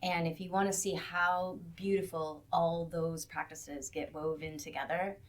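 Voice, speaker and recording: A woman hosts an interview in a somewhat low voice. She asks open questions and encourages her guest to say more. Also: little pitch movement, unhurried.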